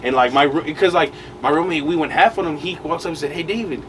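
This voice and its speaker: A young man with a fairly high voice talks fast as he co-hosts a podcast, telling a long, rambling story thick with slang and fillers in casual chat. The recording comes from a distant mic, with noise in the background.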